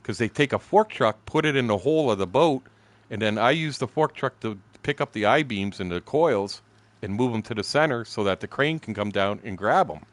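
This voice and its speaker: A man in his sixties telling profane stories casually while streaming a fishing game, acting out shouted quotes. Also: medium pitch, animated, a little fast, no room sound. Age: 60s. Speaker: gaming streamer. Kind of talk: casual storytelling while gaming.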